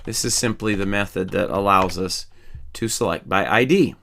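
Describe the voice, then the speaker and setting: A man teaching a programming lesson, calmly walking through each step as he types code. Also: lowish voice, moderate pace, creaky, slight background noise. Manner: calm, methodical, explains each step while typing. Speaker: programming instructor. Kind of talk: screen-recorded coding tutorial.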